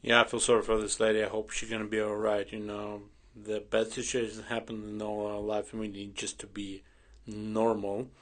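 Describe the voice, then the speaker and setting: A man's voice: fairly low pitch, completely flat delivery, normal speed, fairly bright tone. A man hosting a reaction show, giving plain commentary between clips and asking viewers for comments.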